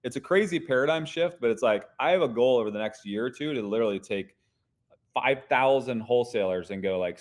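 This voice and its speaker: A man's voice: medium pitch, a little fast. A man talking as a podcast guest, explaining business ideas in an emphatic, teaching way. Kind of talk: casual interview talk.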